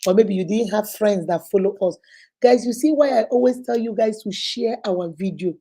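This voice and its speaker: A woman's voice: medium pitch, moderate pace, warm tone, slightly rough, low-quality recording. A Nigerian woman hosting a casual livestream, talking effusively and greeting viewers by name. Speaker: livestream host.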